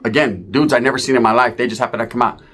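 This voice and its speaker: A man's voice: medium pitch, rapid-fire. A man telling a profane street story, acting out the other people's voices. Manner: animated, profane, acts out voices.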